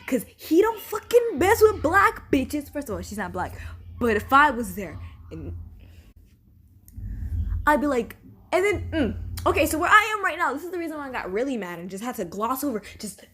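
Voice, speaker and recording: A woman's voice: fairly high pitch, sing-song, moderate pace, pauses often, bright, forceful tone, husky. A young woman ranting profanely and indignantly in a casual vlog, filmed at home on her camera. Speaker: vlogger.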